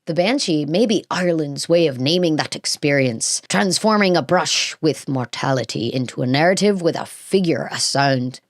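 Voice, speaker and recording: Chatty low-voiced woman podcast host. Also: no room sound, clean studio sound. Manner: chatty, gushing, many fillers and asides. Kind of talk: casual chat reading and reacting to a script.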